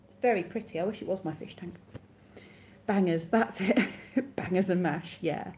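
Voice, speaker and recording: Chatty woman, mellow voice. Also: on the low side, normal speed, a little hiss or hum. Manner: chatty, reads out and answers viewers' comments. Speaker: live streamer. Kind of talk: casual live-stream chat with viewers.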